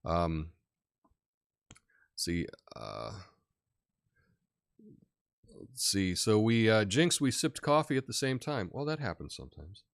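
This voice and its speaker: A man's voice: fairly low pitch, slow pace, creaky, pauses often, clear, resonant tone, no room sound, clean studio sound. Laid-back middle-aged man hosting a live stream. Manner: relaxed, chatty, laughs often, many fillers. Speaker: live show host. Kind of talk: casual live-stream chat reading comments.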